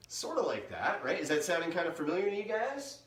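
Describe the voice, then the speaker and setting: A man's voice: high-pitched, big pitch swings, quick pace, a bit bright. A middle-aged man, a museum educator, giving a playful live talk for kids and imitating owl calls. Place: indoors, museum room. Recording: roomy sound, mic at a distance.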